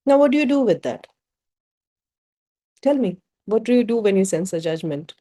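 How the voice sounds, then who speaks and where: A woman's voice: mid-range voice, expressive, normal speed, dark tone. A woman with a Bengali-inflected Indian English accent, leading a group workshop as facilitator and working through ideas with rhetorical questions.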